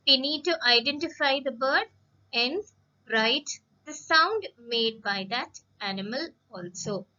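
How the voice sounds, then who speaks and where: A woman teacher giving a recorded lesson to young children, speaking slowly and patiently, repeating words and often addressing the children. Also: high voice, lively intonation, sharp tone, muffled recording.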